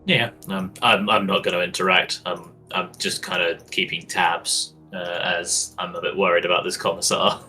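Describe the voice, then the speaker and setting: A man's voice: sits low, level tone, moderate pace, few pauses, pushed and bright, soft background music. A man casually playing a tabletop game, stumbling over his words and restarting. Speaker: player.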